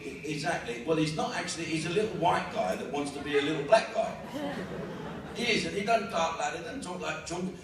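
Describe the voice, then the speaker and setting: A South London man in his fifties does a brash, crude, swear-heavy stand-up set before a live audience. His voice sits on the high side and moves a little fast. The venue audio is echoey and distant, with background noise.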